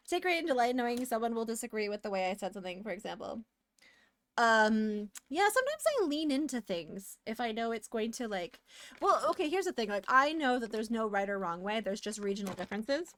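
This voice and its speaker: A woman's voice: fairly high pitch, lively intonation, measured pace, fairly bright tone, no room sound. An American woman streaming live, chatting casually and giggling while she works. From United States. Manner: chatty and giggly, hums and sings along.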